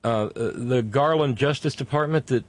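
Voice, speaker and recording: Indignant man with slow emphatic stresses. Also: mid-range voice, no room sound. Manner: indignant, stretches key words slowly for emphasis. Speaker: host. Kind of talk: political commentary monologue.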